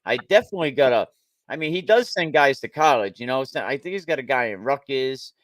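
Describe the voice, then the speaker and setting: A man's voice: mid-range voice, expressive, a little fast, no room sound. A man hosting a casual sports talk over a call, speaking bluntly and repeating himself as he argues. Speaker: show host.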